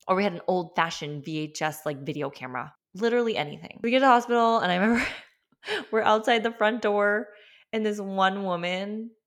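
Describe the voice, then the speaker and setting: A woman's voice: medium pitch, brisk. A young adult woman hosting a podcast, telling a personal story in a chatty, emphatic way full of "like". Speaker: podcast host.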